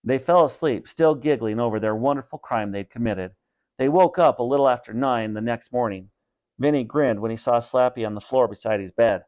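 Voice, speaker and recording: A man, a teacher, reading a storybook aloud with expressive narration. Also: mid-range voice, fairly quick.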